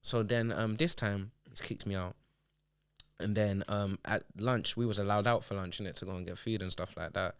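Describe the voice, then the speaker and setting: A young man, a podcast guest telling animated, slangy stories in a casual chat. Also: lowish voice, moderate pace, smooth, no echo, studio quality. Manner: animated, slangy, laughs through anecdotes.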